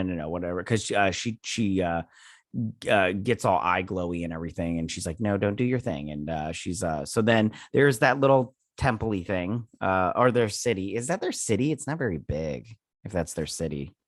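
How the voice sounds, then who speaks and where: Clean studio audio with no room sound captures a man in his thirties whose voice sits on the low side. He reviews a TV episode in a loose, rambling recap packed with fillers and paraphrased scenes, yawning and sounding a bit sleepy.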